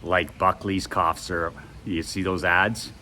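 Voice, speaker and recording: A man's voice: low-pitched, flat delivery, measured pace, sharp tone. A man hosting a walk-and-talk video outdoors, pushing his products in an emphatic, repetitive motivational style. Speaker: host. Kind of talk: walk-and-talk sales pitch. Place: outdoors at home, walking. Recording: outdoor noise with passing traffic.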